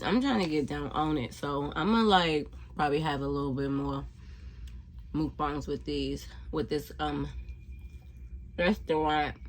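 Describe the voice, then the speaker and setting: A woman's voice: sits low, measured pace, a little hiss or hum. A woman vlogger chatting casually to her viewers between bites, rambling and laid-back. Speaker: mukbang vlogger. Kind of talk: casual eating chat to camera.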